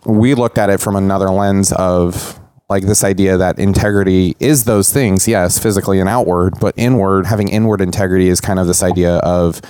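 Deep-voiced man hosting a podcast. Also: fairly even intonation, fairly quick, few pauses, mellow, clean tone, dry recording. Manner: teasing, then earnest and explanatory. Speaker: podcast host. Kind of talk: casual roundtable chat. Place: indoor podcast recording.

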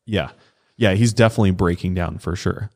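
A man's voice: low-pitched, fairly quick, creaky. A man co-hosting a podcast, recounting a true-crime case in a loose, conversational way with casual swearing. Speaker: podcast co-host.

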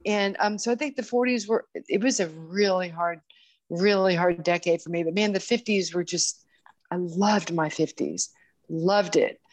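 A woman's voice: on the low side, no echo. Lady in her sixties chatting as a guest, lots of restarts, dry mic. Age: 60s. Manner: warm, halting, with many restarts and fillers. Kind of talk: casual interview chat.

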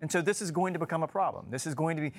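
A man talking through golf news in a studio discussion, with a fairly high voice. He is frank and emphatic and leans hard into his opinions. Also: very fast. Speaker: golf analyst.

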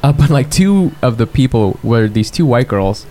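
A man's voice: mid-range voice, animated, normal speed, mellow. A man co-hosting a podcast, chatting in a laid-back, rambling way and swearing casually. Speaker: podcast co-host. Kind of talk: casual chat.

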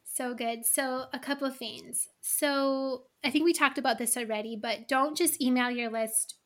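A woman's voice: high-pitched, fairly even intonation, normal speed, fairly bright tone. A middle-aged woman talking casually as a podcast guest, chatty and full of asides. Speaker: guest, email copywriter.

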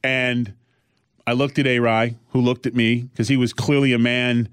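A man in the middle of his range tells a road story with a wrestler's swagger. He keeps it casual and animated, and his voice sounds dry and close. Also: medium pitch, moderate pace, smooth, dry recording. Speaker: podcast host.

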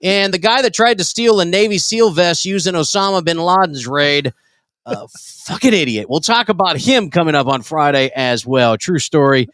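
A man's voice: a little high, moderate pace, a bit bright, dry recording, studio quality. A man co-hosting a casual comedy podcast, joking crudely and laughing often as he runs through news stories. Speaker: podcast co-host.

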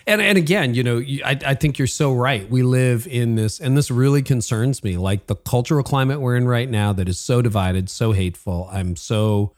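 A man hosts a leadership podcast with lively enthusiasm, affirming his guest and jumping into quick asides. His voice sits at a typical mid pitch for a man, and he sounds clear and conversational. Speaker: podcast host.

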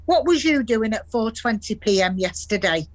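An actress with a voice on the high side, expressive and lightly acted, plays a warm, chatty grandmother from Salford, England who has dementia. In her Salford accent, the older woman tells earthy stories of the past, laughing often.

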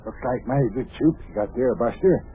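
A man's voice: mid-range voice, fairly quick, natural voice. A man playing a folksy hearty mayor. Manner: folksy, hearty, calls people buster and lad. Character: folksy older male mayor, cheerfully bossy. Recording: tinny old radio broadcast with faint hiss.

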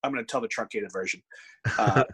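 Husky, animated storytelling man. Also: fairly low pitch, fast talker, poor audio. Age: 30s. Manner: animated storyteller, frequent profanity, acts out quotes. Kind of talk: casual storytelling chat.

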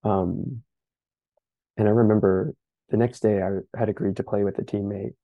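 A young man, the guest of an interview, telling his story in an earnest, reflective way, pausing often with fillers. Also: lowish voice, steady tone, gravelly, no room sound, narrow, tinny audio. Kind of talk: candid personal account.

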